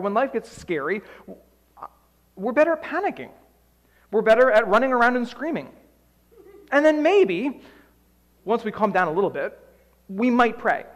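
A man preaching with a high, light voice that rises and falls as he acts out scenes with playful energy. His words carry a long reverb tail, as though spoken in a large hall. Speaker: pastor. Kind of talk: sermon.

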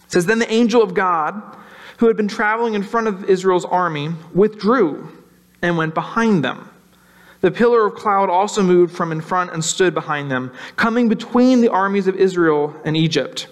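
High-voiced male pastor preaching. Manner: conversational, acts out worried voices, slows for emphasis. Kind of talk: sermon.

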